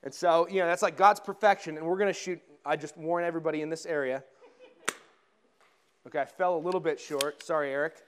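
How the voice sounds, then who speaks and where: High-voiced male pastor preaching casually. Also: steady tone, fairly quick, smooth. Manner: conversational preaching with asides and humor. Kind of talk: sermon. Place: church sanctuary.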